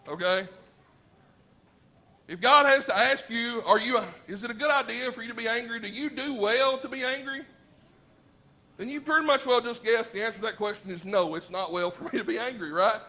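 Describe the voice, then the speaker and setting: A man with a Southern US accent preaching a sermon in a church, talking conversationally with rhetorical questions, swinging from loud emphasis to low, quiet asides. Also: normal speed, pauses often. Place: church sanctuary.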